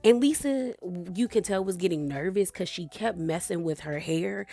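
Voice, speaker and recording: A woman's voice: lowish voice, lively intonation, normal speed, vocal fry, mellow, faint music behind. A woman recapping a reality TV episode in a chatty, gossipy way, laughing often and acting out what the cast said. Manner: chatty, gossipy, laughs often, retells scenes in character voices. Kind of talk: casual episode recap commentary.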